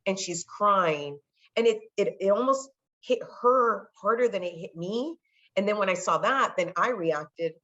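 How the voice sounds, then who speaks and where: A sports marketer from California, a woman in her thirties, appears as a podcast guest and tells stories chattily, acting out other people's voices in a casual storytelling interview. Her mid-range voice is animated and fairly bright, with a measured pace. The lo-fi audio sounds slightly dull.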